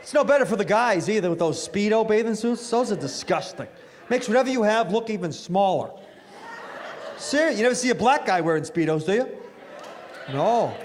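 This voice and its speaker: During a stand-up set, a middle-aged man of Italian-American family jokes at his own expense and chats with audience members. His high voice is animated and brisk.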